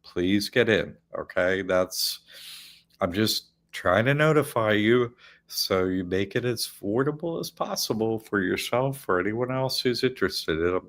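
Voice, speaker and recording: A man's voice: lowish voice, animated, measured pace, a bit bright. A man hosting an online academy show, chatting casually and rambling, often laughing. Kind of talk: casual chat.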